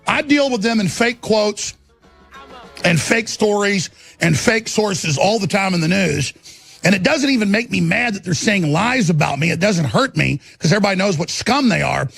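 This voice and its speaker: Middle-aged male host with a raised, raspy voice, ranting furiously and repeating himself on a live broadcast. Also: high-pitched, animated, normal speed, a bit bright, soft background music. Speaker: talk radio host. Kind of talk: angry political broadcast rant.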